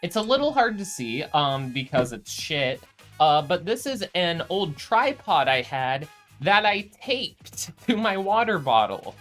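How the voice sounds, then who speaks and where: A young adult talks through a home build in a loose, rambling vlog voice, swearing freely and poking fun at themself. The speech sits at a middling pitch. Faint music plays softly underneath. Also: very animated, unhurried. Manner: rambling, heavy swearing, self-mocking. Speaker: maker video host. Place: home room with candles.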